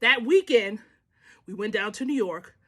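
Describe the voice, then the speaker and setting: A woman in her thirties telling a family story to her viewers in a casual, animated way, often laughing and calling them y'all. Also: mid-range voice, normal speed, husky.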